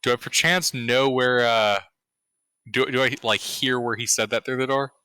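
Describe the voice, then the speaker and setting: Bright-voiced male player, playful. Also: mid-range voice, steady tone, moderate pace, clean tone, no echo. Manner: playful, hesitant, restarting words. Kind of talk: casual tabletop play.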